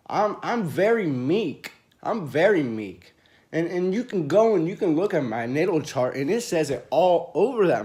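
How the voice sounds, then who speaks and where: Alone in a small room, a man vents to the camera in a rambling, profane monologue, lurching from loud rants to low mumbling.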